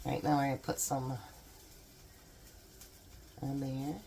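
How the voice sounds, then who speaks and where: A chatty home-cooking vlogger, a woman with a low, deep-set voice. She talks easily to her viewers as she assembles and tastes food in her kitchen, keeping a homey, unhurried tone. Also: flat delivery, mellow, slight background noise. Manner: chatty, homey, talks while eating and tasting. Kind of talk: casual cooking chat to camera.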